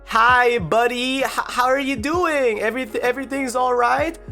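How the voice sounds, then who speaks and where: A woman's voice: on the high side, normal speed, fairly bright tone, soft background music, pitched above the performer's own voice. A woman putting on her younger sister's voice, a flustered young woman soothing a baby, in a casual vlog.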